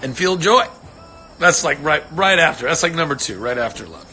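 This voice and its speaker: A man's voice: fairly high pitch, lively intonation, moderate pace, sharp tone, faint music behind. A man hosting a casual livestream, rambling earnestly and swearing freely as he answers fans. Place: home on a ranch.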